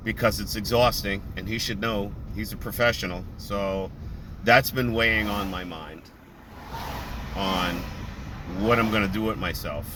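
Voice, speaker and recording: A man chatting casually while driving in traffic, laughing and telling stories with quoted voices. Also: on the low side. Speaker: vlogger. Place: car in traffic. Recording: car and road noise. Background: traffic noise.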